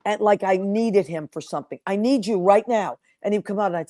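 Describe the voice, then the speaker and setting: A woman hosting a casual interview show, with a mid-pitched voice on a dry, close recording. She tells heartfelt stories with feeling and acts out the people in them. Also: brisk, hardly any pauses, warm tone, no room sound. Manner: emotional storyteller, acts out quotes. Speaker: podcast host.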